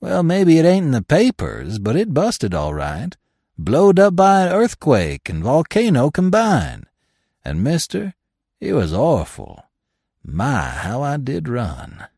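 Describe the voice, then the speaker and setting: A man's voice: fairly high pitch, wildly swooping pitch, slow, vocal fry, mellow, husky, no room sound, clean studio sound, heavily acted. A man voicing a sullen old trapper and whaler who talks in a folksy, blunt backwoods drawl. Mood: drawling, rough.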